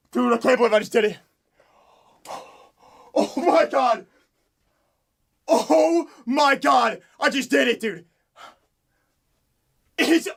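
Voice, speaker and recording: A male live streamer bellows his excitement in a high, crackly voice. He stretches his words out slowly between the shouts. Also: gravelly. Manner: yelling, ecstatic exclamations. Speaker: livestreamer.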